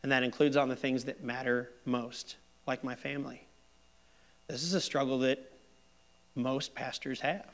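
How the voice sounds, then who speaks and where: A man's voice: medium pitch, steady tone, measured pace. A middle-aged man pastor giving a sermon in a candid, self-deprecating, conversational way.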